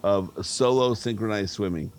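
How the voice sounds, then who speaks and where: A man with a lowish voice, chatting casually with podcast co-hosts. He teases them, shares odd trivia, and chuckles at his own lines. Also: normal speed, slight background noise. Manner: teasing, laughs at his own jokes. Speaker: podcast co-host, timekeeper. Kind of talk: casual banter.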